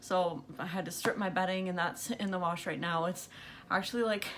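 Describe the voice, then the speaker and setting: A woman's voice: lowish voice, steady tone, normal speed, a little hiss or hum. A young woman who is out of breath, chatting casually about makeup to her camera at night, rambling with lots of fillers and frequent little laughs. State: out of breath from pregnancy. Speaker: beauty vlogger. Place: bedroom at night under bright light.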